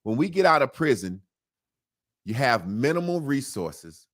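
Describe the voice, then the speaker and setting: Animated man with a lively voice. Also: mid-range voice, a little slow. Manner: animated and emphatic, with slang and repetition. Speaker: interview guest. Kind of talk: casual conversational interview.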